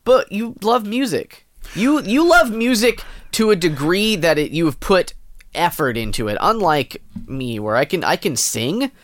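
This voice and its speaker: A man's voice: high-pitched, very animated, measured pace, a bit bright. A man co-hosting a podcast in casual chat, rambling, laughing, and swearing casually. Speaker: podcast co-host.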